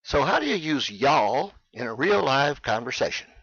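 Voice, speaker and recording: A man teaching English in a scripted lesson, speaking clearly and with emphasis for learners. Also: mid-range voice, very animated, moderate pace, fairly bright tone, no echo, muffled recording.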